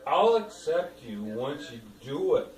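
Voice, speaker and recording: A middle-aged father arguing with his family, profane and scornful, his voice often rising to a yell. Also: a little high, big pitch swings, unhurried. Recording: roomy echo from far off.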